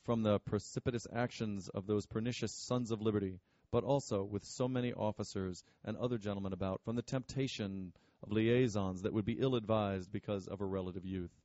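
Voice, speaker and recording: A man reading as a stern, pompous father with a gruff, scornful edge, in a low voice. The tone is warm and mellow rather than bright. The recording is dry and a little dull. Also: fairly even intonation, a little fast, no echo, natural voice.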